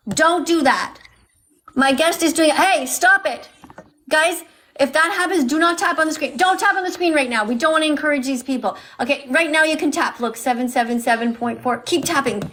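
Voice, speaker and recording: A woman's voice: high-pitched, a bit bright. A woman hosting a live stream, talking straight to her viewers and scolding them now and then. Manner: scolding, talks to viewers directly. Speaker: livestream host.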